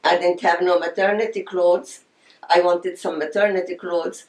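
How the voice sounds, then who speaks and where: A woman's voice: lowish voice, fairly even intonation, moderate pace, darkish tone. An older woman, telling her life story in an oral history interview. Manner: reminiscing, storytelling with quoted voices. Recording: echoey room.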